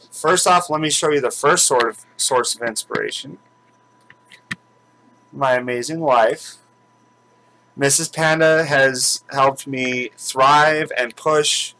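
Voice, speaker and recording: Bright-voiced man rambling through a vlog. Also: mid-range voice, poor audio. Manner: rambling, with many fillers and restarts. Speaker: channel host. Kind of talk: casual chat.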